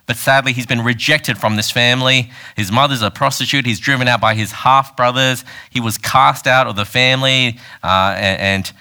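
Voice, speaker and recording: A man's voice: medium pitch, fairly even intonation, moderate pace, few pauses, sharp tone, smooth. A man preaching a casual, conversational sermon, retelling a Bible story and acting out its quoted lines.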